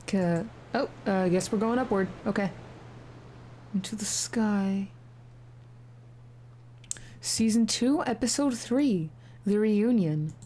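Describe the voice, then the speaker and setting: A woman's voice: medium pitch, dark tone. A young woman doing casual gameplay commentary, reading the game text aloud and mocking the story sarcastically, with the odd swear. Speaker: let's-play gamer.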